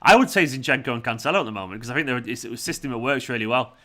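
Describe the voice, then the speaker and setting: Bright-voiced man chatting. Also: mid-range voice, lively intonation, very fast. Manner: chatty, reads out viewer comments, laughs a lot. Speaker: fan channel host. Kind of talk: live watchalong chat.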